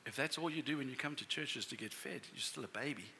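A middle-aged man preaching a sermon as a pastor, telling family stories in a conversational, animated way. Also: medium pitch, quick pace, creaky, slight background noise.

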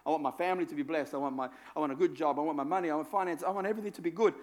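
A man's voice: on the high side, racing. A man preaching a sermon in a conversational, self-deprecating way, repeating phrases for emphasis. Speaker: pastor.

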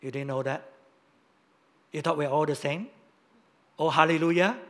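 Guy preaching, loud punchy stresses then quiet asides, fairly high voice. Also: moderate pace. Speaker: pastor. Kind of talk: sermon.

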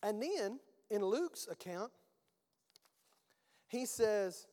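A man's voice: high-pitched, expressive, extremely slow, dark tone, big-room sound. A male pastor preaching a sermon in a conversational, emphatic way, with rhetorical questions and folksy phrasing.

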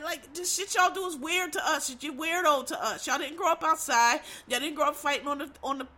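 Bright, high-voiced woman ranting bluntly. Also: a little fast, hardly any pauses. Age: middle-aged. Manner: blunt, profane, emphatic. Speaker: TV show commentator. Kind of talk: casual commentary rant.

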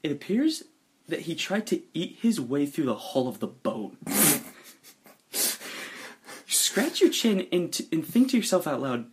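A man narrating a tabletop role-play story, playful and animated, often laughing. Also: on the high side, a little slow, long pauses, slightly rough. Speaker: game master narrating a story.

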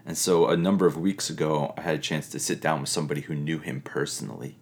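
A middle-aged man, a pastor, giving an earnest, reflective teaching talk with pauses and fillers. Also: very deep voice, steady tone.

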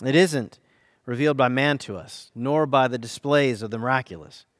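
An American man, a pastor, delivering a sermon with earnest, dynamic emphasis, slowing down to stress key phrases. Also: mid-range voice, no room sound, clean studio sound.

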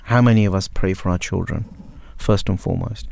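Low gravelly man, reflective. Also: fairly even intonation, a little mellow, dry recording. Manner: reflective, philosophical, measured. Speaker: panel guest. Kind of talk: panel discussion.

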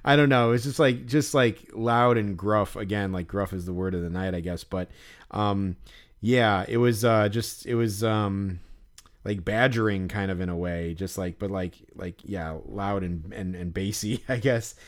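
A man's voice: fairly low pitch, a little slow. A young man co-hosting a podcast, telling a story in casual chat. He rambles and fills his speech with filler words. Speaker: podcast co-host.

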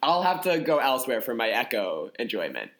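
A man's voice: medium pitch, big pitch swings, fairly bright tone. A man co-hosting a podcast in a casual comedic chat, playful and goofy, riffing and stretching words out. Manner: playful, goofy, drawn-out riffs. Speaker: podcast co-host.

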